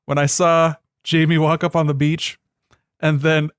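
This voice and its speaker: A young podcast co-host with a smooth, clear voice and a sardonic, profane way of griping. He often sinks into quiet, dismissive mutters. The sound is dry and close to the mic. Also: level tone, unhurried, no room sound. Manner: sardonic, swearing, trails off into low mutters. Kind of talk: casual chat.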